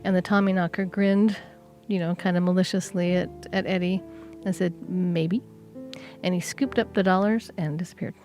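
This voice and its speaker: A woman's voice: lowish voice, fairly even intonation, fairly quick, darkish tone, soft background music. A woman co-hosting a podcast, casually retelling a folk tale with chatty asides and fillers. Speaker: podcast co-host. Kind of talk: casual storytelling.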